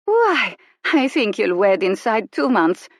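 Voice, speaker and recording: A woman voicing a shrewd middle-aged female fortune teller, speaking slowly and knowingly in a rustic dialect. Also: medium pitch, lively intonation, no echo, studio quality, voice pushed up. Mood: theatrical. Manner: slow, knowing, dialect-tinged speech.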